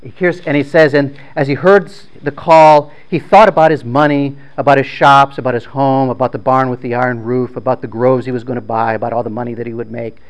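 A man tells a story out loud in an informal, conversational way. His voice sits at an ordinary middle pitch. He often stumbles, repeats words and starts phrases again as he goes. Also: steady tone, clean tone, poor audio. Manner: halting, with frequent repeated words and restarts; conversational, plain-spoken.

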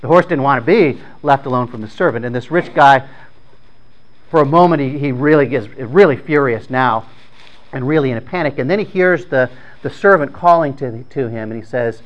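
Guy retelling an old story, casual, trips over his words a lot, keeps restarting, mid-pitch voice. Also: highs cut off. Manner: halting, with frequent repeated words and restarts; conversational, plain-spoken.

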